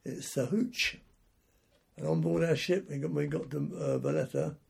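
An old veteran spins his wartime memories in a loose, wandering way, circling back over his own words. His voice is heavily gravelly and husky, sitting a bit high for a man, with a dark, mellow color. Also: steady tone, normal speed. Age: older. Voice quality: gravelly and raspy. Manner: rambling anecdotal telling with restarts. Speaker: war veteran interviewee. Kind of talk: oral history storytelling.

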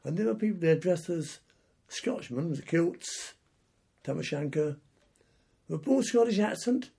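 Gravelly, raspy old man telling war stories. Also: on the high side, a little slow, warm tone. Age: older. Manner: rambling anecdotal telling with restarts. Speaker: war veteran interviewee. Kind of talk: oral history storytelling.

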